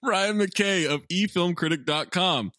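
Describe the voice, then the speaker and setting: A man hosting a podcast in casual comedic chat, reading reviews aloud with an animated, mocking manner and free swearing. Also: high voice, measured pace, noisy background.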